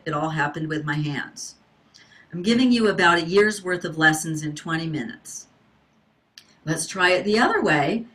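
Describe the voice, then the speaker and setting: A woman's voice: fairly low pitch, fairly bright tone. A middle-aged woman teaching an online singing workshop over a video call, encouraging the class to wave and respond.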